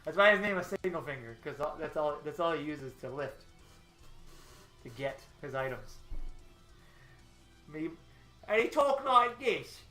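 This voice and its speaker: A man's voice: on the high side, normal speed, pauses often, sharp tone. A man casually chatting on a live stream while working, rambling and laughing often. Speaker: artist hosting a storyboarding stream. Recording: echoey room with faint music.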